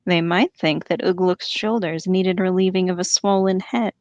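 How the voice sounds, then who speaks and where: A woman reading aloud and voicing a sly, evil male orc who speaks softly and sneers. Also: on the low side, fairly even intonation, normal speed, no room sound, dull audio, natural voice. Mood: sneering. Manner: soft, sneering, menacing.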